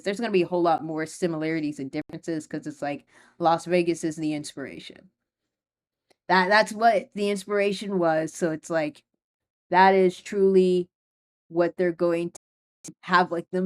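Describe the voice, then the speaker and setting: A young woman hosting her own podcast, talking casually and rambling, with many fillers and frequent nervous laughs. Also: lowish voice. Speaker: podcast host. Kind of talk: casual solo podcast talk.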